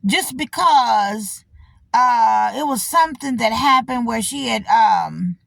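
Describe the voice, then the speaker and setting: Taking it slowly in a slightly high, creaky voice, a middle-aged woman hosting her channel shares a personal story. She's blunt, casual and profane, animated, repeats herself and often talks back to her audience. The studio-quality recording has no echo.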